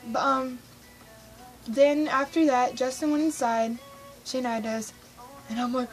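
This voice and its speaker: A woman vlogging about a concert, telling it in an excitable, gushing way and acting out her own reactions. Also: sits high, soft background music, poor audio. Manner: gushing, excitable, fast-shifting, reenacts her own squeals. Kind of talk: excited casual storytelling.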